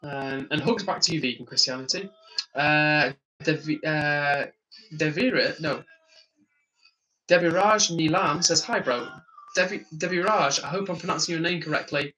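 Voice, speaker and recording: Bright-voiced tired man chatting on stream. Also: on the high side, moderate pace, rough recording. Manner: chatty, laughs often, reads chat aloud. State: tired, yawning. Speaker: livestream host. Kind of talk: casual live-stream chat reading comments.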